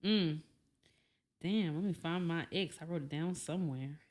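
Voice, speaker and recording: A woman's voice: deep voice, normal speed, darkish tone. A woman appearing as a guest on her boyfriend's podcast, talking frankly, with an exasperated edge and free swearing. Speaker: podcast guest, host's girlfriend. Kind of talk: casual chat.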